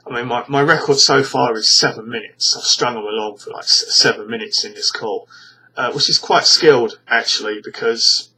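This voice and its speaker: British guy vlogging, bright forceful tone, keeps restarting his sentences, fed up and scornful. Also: medium pitch, normal speed, husky, low-quality recording. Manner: rambling, with frequent stammered restarts; scornful, exasperated. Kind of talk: casual ranting monologue to camera.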